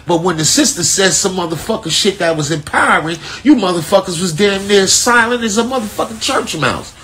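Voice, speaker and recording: A man telling a long story in a loose, animated way, heavy on profanity and street slang, over a phone on a live stream. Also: sits high, brisk, a little hiss or hum. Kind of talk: casual storytelling.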